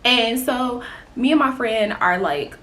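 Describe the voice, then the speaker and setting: A young woman from Indiana with a Southern accent, telling a casual vlog story in an animated, swearing way. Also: fairly high pitch, slight background noise. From Indiana, United States. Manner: animated, swears freely, quick to laugh. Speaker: vlogger.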